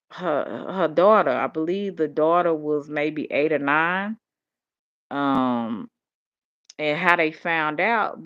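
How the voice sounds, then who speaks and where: An older woman, talking in a rambling, animated monologue. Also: low voice. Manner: rambling, animated storytelling with vernacular speech. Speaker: vlogger. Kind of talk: casual monologue. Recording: dull lo-fi audio.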